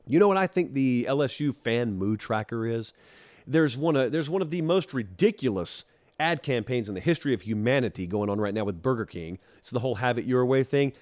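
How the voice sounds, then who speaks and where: A man from Georgia hosts a college football show with an animated, teasing monologue. He speaks right to the fans and needles them. His pitch sits in an ordinary middle register. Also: brisk. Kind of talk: casual opinion monologue.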